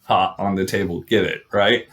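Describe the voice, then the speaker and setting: A man's voice: sits low, steady tone, normal speed, fairly bright tone. A man casually retelling an old legend, chatty, full of fillers and joking asides. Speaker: storyteller.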